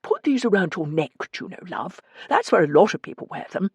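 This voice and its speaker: A man's voice: sits high, big pitch swings, fairly quick, vocal fry, breathy edge, dry recording, exaggerated voice. A woman voicing Morris, a fussy and kindly man who worries and is easily scandalised. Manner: anxious, doting, easily scandalised.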